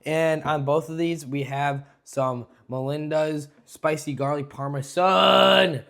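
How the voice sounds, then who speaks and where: A man's voice: a little high, fairly even intonation, slow pace, creaky, fairly bright tone. A young man talking casually to the camera in a fitness vlog, loose and jokey, swearing often and calling his viewers "boys". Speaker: fitness vlogger.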